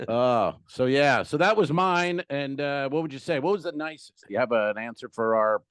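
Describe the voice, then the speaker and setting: A man co-hosting a comedy podcast, telling showbiz stories in a loose, animated way with some swearing. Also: mid-range voice, clean tone, no room sound, clean studio sound. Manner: animated storyteller, swearing, does quick impressions in stories. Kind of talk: casual comedy podcast chat.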